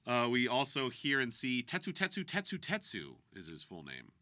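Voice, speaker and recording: Animated, bright-voiced man chatting. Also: medium pitch, normal speed, no echo. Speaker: podcast co-host, voice actor and director. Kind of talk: casual chat.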